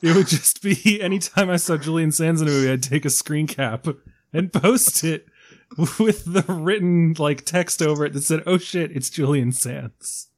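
A man's voice: on the high side, normal speed. A man hosting a film podcast in casual chat, joking and laughing often. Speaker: podcast host.

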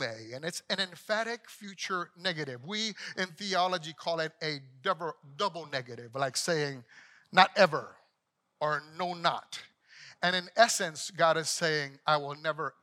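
A man, a pastor, preaching a sermon with emphatic repetition that swells loud and then drops low for scripture.

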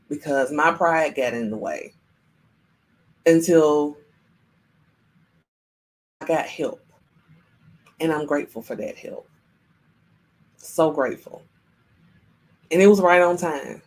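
A woman in her younger adult years hosts a spiritual livestream and talks straight to her viewers. Her voice sits a little low. She keeps slipping into playful voices to act things out. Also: rough recording. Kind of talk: live-streamed spiritual talk.

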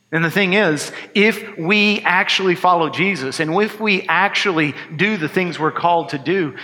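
A man's voice: fairly high pitch, pushed and bright. A man preaching a sermon in an earnest, conversational way, with wry asides. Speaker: pastor. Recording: long hall reverb.

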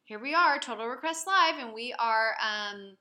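A woman's voice: fairly high pitch, expressive, moderate pace. A young adult woman co-hosting a podcast, upbeat and affirming in casual chat. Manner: upbeat, warm affirming listener. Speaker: podcast co-host.

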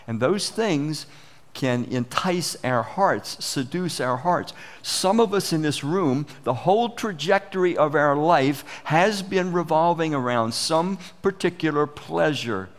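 A man preaching a sermon as pastor, earnest and conversational, often restarting his phrases. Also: mid-range voice.

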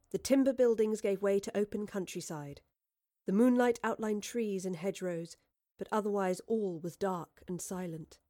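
A woman narrating an audiobook in a measured storytelling manner. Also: medium pitch, a little mellow, dry recording, studio quality. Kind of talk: scripted narration.

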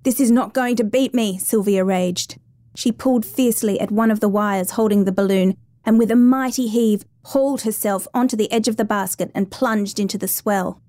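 A woman narrating a dramatic true rescue story in a measured, suspenseful reading. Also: medium pitch, steady tone, warm tone, dry recording.

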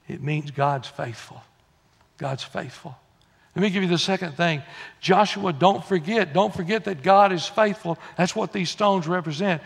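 A man preaching a sermon, folksy, moving from quiet confiding asides to loud exhortation. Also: fairly high pitch, normal speed, gravelly. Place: church sanctuary. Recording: long church-hall reverb.

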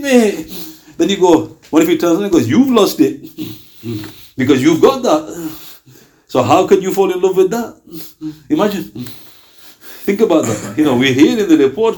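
Man giving a lively mosque talk. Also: high-pitched, brisk, long pauses. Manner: conversational, animated storytelling with quoted voices. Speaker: preacher. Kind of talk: mosque talk to a small gathering.

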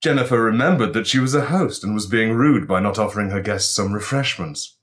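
A young man with a low voice reads out a comic story in deadpan, mock-solemn tones. He sounds a bit tipsy. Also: a little fast, few pauses. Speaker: podcast co-host reading his story. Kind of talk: comic reading of an absurd story.

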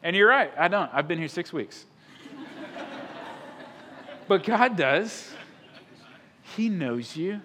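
Emphatic pastor, loud then hushed. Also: male voice, sits high, sing-song, takes it slowly, long pauses, slight background noise. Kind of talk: sermon. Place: church sanctuary.

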